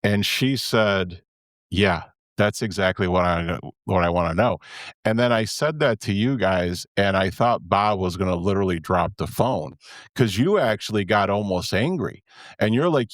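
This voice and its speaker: A man's voice: lowish voice, expressive, moderate pace, no echo, clean studio sound. Candid, rambling man in his fifties. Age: 50s. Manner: candid, rambling, self-interrupting. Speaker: podcast host. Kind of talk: casual podcast chat.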